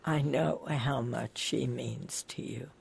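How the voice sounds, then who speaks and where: A woman hosting a radio interview, asking questions in a slow, deliberate and gentle way. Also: rumbling low, steady tone, gravelly, slightly rough. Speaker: radio host.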